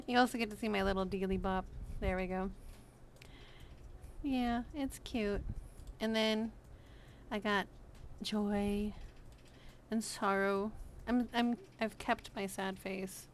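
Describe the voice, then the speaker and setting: A woman's voice: medium pitch, measured pace, a little hiss or hum. A woman streamer chatting casually while she draws, playful and self-amused. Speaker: art streamer. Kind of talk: casual chat while drawing.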